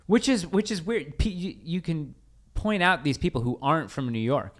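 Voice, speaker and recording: A man co-hosting a podcast, mostly chiming in with short agreement and quick questions. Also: on the high side, lively intonation, a bit bright. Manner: brief agreeing interjections. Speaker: podcast co-host. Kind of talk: casual chat.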